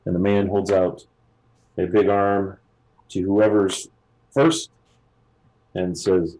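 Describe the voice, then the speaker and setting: Low, mellow male game master who narrates unhurriedly. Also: slow pace, long pauses, low-quality recording. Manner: relaxed with many uhs and ums.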